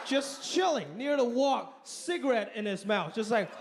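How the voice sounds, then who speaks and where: During a live club stand-up set, a man tells stories with animated, punchy delivery while the audience laughs. His voice is extremely high-pitched and measured in pace, and the recording is very noisy.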